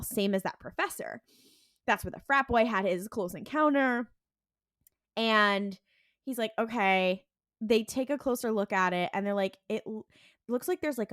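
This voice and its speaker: A woman co-hosting a podcast, casually recapping a TV episode and acting out the characters' lines in quick voices, with a lot of "like". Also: medium pitch, a bit bright, dry recording, clean studio sound. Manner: heavy use of "like" and "and he's like". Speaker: podcast co-host.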